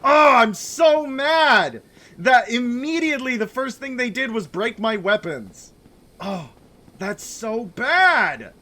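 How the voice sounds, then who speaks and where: High-voiced man ranting over a game. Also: lively intonation, takes it slowly, sharp tone. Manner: exasperated, repetitive ranting. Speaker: video game player. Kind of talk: let's play commentary.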